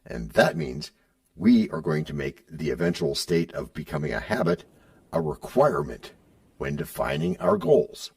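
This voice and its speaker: A man's voice: low-pitched, normal speed, vocal fry, husky, distant mic. A man hosting a podcast, bantering in a playful, teasing way. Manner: playful, teasing, lively delivery. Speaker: podcast host.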